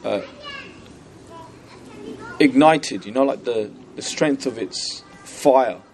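A man's voice: medium pitch, slight background noise. Man teaching a text, chatty check-ins. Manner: conversational, constantly checks in with "you know" and "right?"; recites Arabic passages rapidly. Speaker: religious teacher. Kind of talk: explaining a classical religious text to a class.

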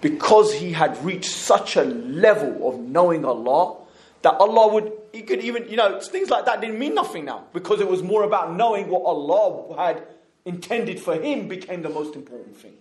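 The man sits high in pitch, speaking animatedly at normal speed in an echoey room. He's teaching a relaxed, chatty religious lesson and often breaks off with tag questions to make sure his listeners follow.

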